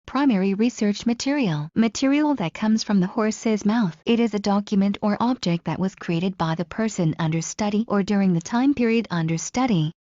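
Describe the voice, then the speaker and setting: A woman reading exam study flashcards aloud, naming each term and then giving its definition in a measured, even way. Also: medium pitch, no echo, lo-fi sound. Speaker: study guide narrator.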